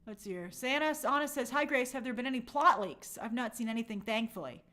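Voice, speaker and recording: Female live-stream host, slightly high pitch, casual and conversational, thinks aloud with fillers. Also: lively intonation, brisk, bright, forceful tone. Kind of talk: live-stream chat reading viewer comments.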